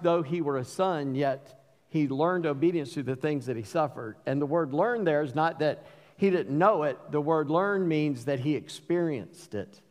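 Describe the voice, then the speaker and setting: A middle-aged pastor delivers a sermon in a folksy, storytelling way. His voice sits high for a man and climbs further when he quotes. The sound rings with the long reverb of a church hall. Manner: folksy storytelling preacher, rises in pitch when quoting.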